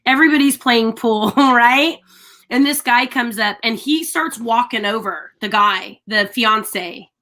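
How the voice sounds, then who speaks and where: Woman, high voice, bright and sharp tone, animated casual storytelling, frequent laughter. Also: unhurried. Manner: animated, laughs often while telling stories. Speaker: radio show co-host.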